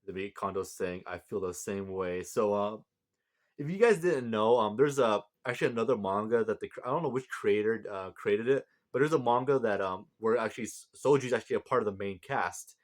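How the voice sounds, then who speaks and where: A man's voice: fairly low pitch, fairly quick. A tired man recapping a manga chapter in a casual, rambling way with many fillers and restarts. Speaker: manga reviewer.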